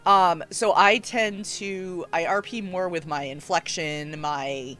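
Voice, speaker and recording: A woman's voice: fairly low pitch, takes it slowly, fairly bright tone, soft background music. Chatty woman hosting a roundtable. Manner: chatty, many fillers and restarts. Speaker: host. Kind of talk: casual roundtable chat.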